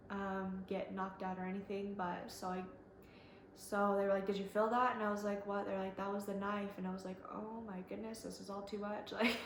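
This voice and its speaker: Young woman, casual storytelling, flat delivery, echoey room, faint background hiss. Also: mid-range voice. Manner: chatty, fillers, quotes others. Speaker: vlogger.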